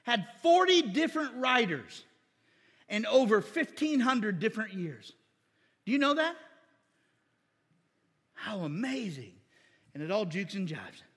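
A man preaching a sermon in a lively, joking way, asking the crowd rhetorical questions and acting out mock voices. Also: sits high, unhurried, long pauses, slightly rough, big-room sound. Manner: animated, jokey, acts out mock voices and asks rhetorical questions.

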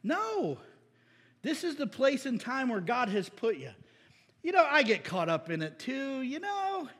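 Bright high-voiced middle-aged guy preaching, playful, acts out voices, big hall echo. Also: normal speed, slightly rough. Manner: energetic and playful, acts out voices, asks the crowd "Amen?". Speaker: pastor. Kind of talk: sermon.

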